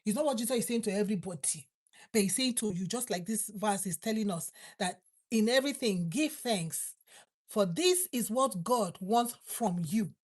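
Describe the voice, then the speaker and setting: A woman preaching and praying, repeating her thanks to God and slowing down on key words. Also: mid-range voice, lively intonation, breathy edge. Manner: fervent, repetitive prayer phrases, slows for emphasis. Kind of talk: prayer and sermon.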